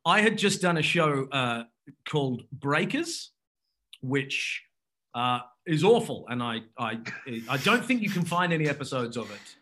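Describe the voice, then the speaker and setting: A male guest with a mid-range voice chats casually, rambling through an anecdote. His tone is pushed and bright with big pitch swings, and he keeps interrupting himself, restarting and laughing readily.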